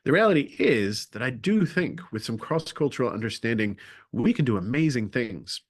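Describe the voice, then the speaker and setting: A man presenting a webinar, telling a comic story with lively timing and then turning to his main points. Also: medium pitch, normal speed. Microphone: video call.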